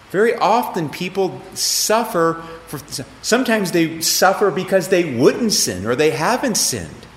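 Lively man preaching in an echoey hall. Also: on the high side, slight background noise. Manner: lively conversational preaching with questions to the room. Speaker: pastor teaching a class. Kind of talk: interactive sermon teaching. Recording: echoey hall, faint ambience.

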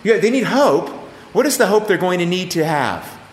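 A middle-aged pastor preaches to a class in a lively, conversational way, his pitch rising and falling freely as he asks questions of the room. His voice sits a little high for a man. It rings with the long echo of a hall. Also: normal speed. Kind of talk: interactive sermon teaching. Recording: echoey hall, faint ambience.

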